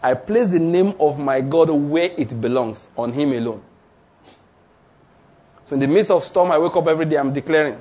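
A man delivers a sermon in a husky, somewhat high voice. He is emphatic, throws questions to his listeners, and repeats declarations for weight. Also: brisk, darkish tone. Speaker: preacher.

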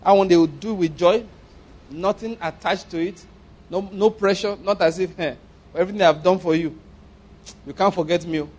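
Nigerian pastor, high-pitched male voice, animated storyteller, acts out characters in a sermon. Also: moderate pace. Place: church.

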